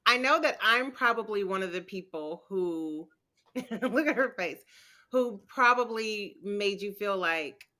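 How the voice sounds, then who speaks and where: A woman's voice: medium pitch, animated, a little slow, pushed and bright. A woman co-hosting a podcast in casual chat, blunt and tough-talking. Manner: blunt, tough-talking, acts out quoted remarks. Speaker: podcast co-host.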